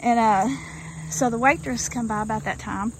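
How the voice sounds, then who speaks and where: A woman's voice: fairly high pitch, moderate pace, rough recording. A woman telling a story to her viewers in a folksy, drawling way, recorded outdoors in rural woods. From Arkansas. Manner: folksy, drawling, addresses listeners as y'all. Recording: faint outdoor noise. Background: crickets and insects.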